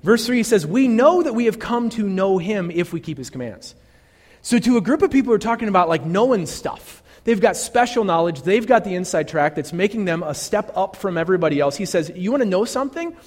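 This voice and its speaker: A man's voice: high voice, expressive, brisk, big-room sound. A male pastor preaching a sermon in an earnest, conversational way, full of fillers and restarts.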